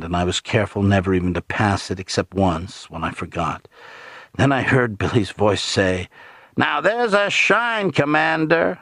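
A man with a husky voice, narrating an audiobook in a low, grave, hushed tone. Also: no room sound, studio quality.

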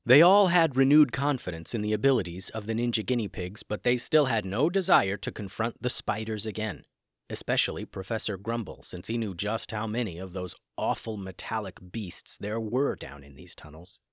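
A man narrating a children's adventure story, shifting expressively between hushed suspense and excitement. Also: fairly low pitch, moderate pace, no echo, clean studio sound.

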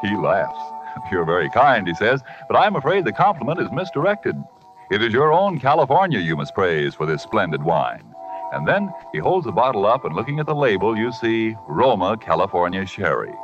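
A man announcing a scripted radio advertisement in a smooth, persuasive way. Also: on the low side, big pitch swings, fairly quick, music in the background. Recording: dull old radio recording.

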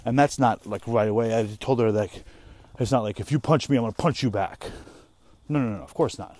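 A man's voice: medium pitch, a little fast, a little mellow. A young man and parent, talking casually while walking through the woods, rambling with lots of swearing and restarts. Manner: rambling, profane, trailing off and restarting. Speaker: vlogger and parent. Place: woods outdoors.

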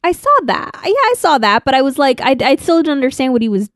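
A woman's voice: high voice, big pitch swings, fast talker, no echo, studio quality. A young woman co-hosting a podcast, chatting casually with frequent laughs and fillers. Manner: giggly, chatty, lots of fillers. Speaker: podcast co-host. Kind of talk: casual chat.

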